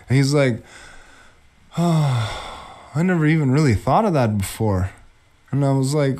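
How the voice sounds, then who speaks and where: A man's voice: mid-range voice, unhurried. A man teaching young children about a plant, telling a family story in a casual way and acting out the voices of the people in it. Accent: Anishinaabe community English. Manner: animated, acts out quoted voices.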